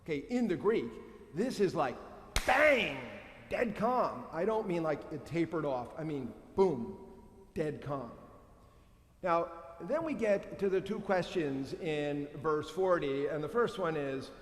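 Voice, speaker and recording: Guy preaching a sermon, a bit high-pitched, playful, lots of echo and long reverb from the church. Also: lively intonation, normal speed. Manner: playful, acts out quoted lines. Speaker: priest. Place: church sanctuary.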